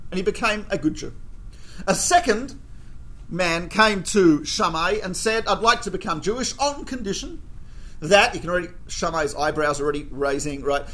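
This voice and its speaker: Animated high-voiced man telling stories. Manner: animated, jokey, acts out quoted exchanges. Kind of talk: humorous storytelling lecture.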